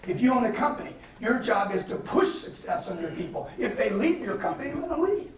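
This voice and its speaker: Brief: high-pitched male motivational speaker, punchy and animated, recorded at a distance in an echoey hall. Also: fairly quick, a little hiss or hum. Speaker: guest speaker. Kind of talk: motivational business lecture. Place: lecture hall. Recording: roomy hall, mic at a distance, faint ambience. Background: audience laughter.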